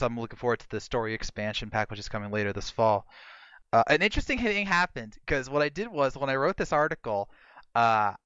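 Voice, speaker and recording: A man hosting a podcast in casual chat, an animated storyteller who mimics people in high voices. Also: smooth, no echo, muffled recording. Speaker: podcast host.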